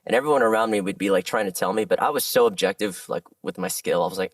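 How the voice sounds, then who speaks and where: A man who works as a voice actor, chatting as a guest in a casual podcast interview and telling animated stories with frequent laughs. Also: fairly low pitch, fast, vocal fry, dry recording, far from the mic.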